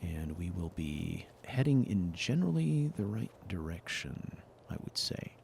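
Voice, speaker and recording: A man hosting a let's play, chatting casually over his gameplay, swearing freely and breaking into sudden excited outbursts. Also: low voice, unhurried, gravelly, a little hiss or hum.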